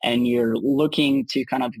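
A man's voice: medium pitch, fairly even intonation, measured pace, a little mellow, slightly rough, no room sound, low-quality recording. A man, a startup founder being interviewed, answering in an upbeat casual way with many restarts and fillers.

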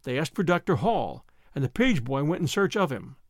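A man narrating an audiobook in an expressive, clear storytelling manner. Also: a little high, moderate pace, no echo, clean studio sound.

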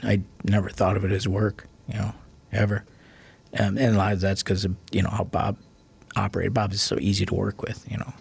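A man's voice: lowish voice, little pitch movement, a little fast, gravelly, breathy edge. A man speaking in a plainspoken, folksy way about a longtime colleague. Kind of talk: reflective interview remarks.

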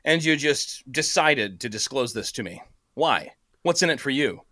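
A man voicing a stern, blunt male tough guy with a low growl, in a comedic story reading. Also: expressive, normal speed, bright, forceful tone, dry recording, clean studio sound. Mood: dry.

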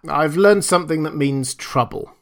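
A man's voice: a little high, normal speed, pitched above the performer's own voice, lightly acted. A man voicing Chuck, a nervous and urgent young computer engineer, in an audiobook reading. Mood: uneasy.

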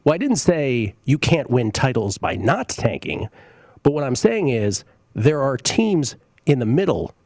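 A man hosts a sports betting talk show in a casual, opinionated way, full of fillers and quick asides. His voice sits in the middle pitch range. The sound is dry and close, with no room echo. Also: big pitch swings, a little mellow. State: coughing, briefly choked up.

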